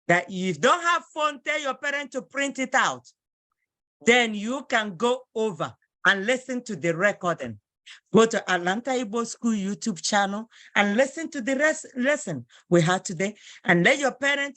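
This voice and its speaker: Woman, language teacher, fairly high pitch, dry close sound, repeats phrases patiently, video call. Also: pushed and bright, dry recording. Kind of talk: online class teaching.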